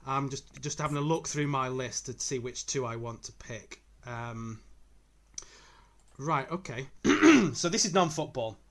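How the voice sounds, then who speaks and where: A man's voice: mid-range voice, expressive, measured pace. A man co-hosting a casual football podcast, easygoing and chatty, laughing readily. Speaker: podcast co-host.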